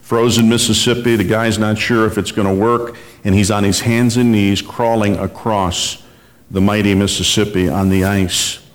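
Man preaching in a reverberant hall. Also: on the low side. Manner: earnest, measured preaching with long quoted readings. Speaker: pastor. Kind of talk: sermon.

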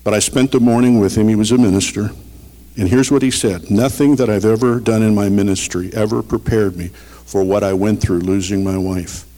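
A middle-aged man preaching a sermon, earnest and storytelling, swinging between loud emphasis and quiet. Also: fairly low pitch, steady tone, brisk. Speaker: pastor. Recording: long reverb of a large hall.

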